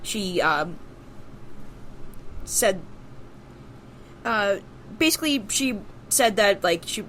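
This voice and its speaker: A woman with a medium-pitched, slightly bright voice speaks slowly and with animation, over a faint hiss or hum. She's co-hosting a casual podcast, reading out history facts and chatting loosely, full of fillers and restarts.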